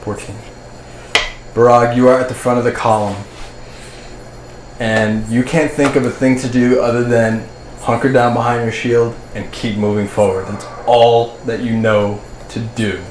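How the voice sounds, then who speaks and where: Echoey-room game master, steady narration. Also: male voice, mid-range voice, a little slow. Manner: descriptive, steady storytelling. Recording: echoey room, faint ambient noise.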